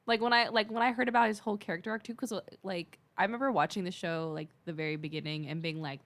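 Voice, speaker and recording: A woman's voice: mid-range voice, fairly even intonation, fast talker, a bit bright. A woman co-hosting a casual podcast, gushing in slang with lots of fillers. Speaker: podcast co-host.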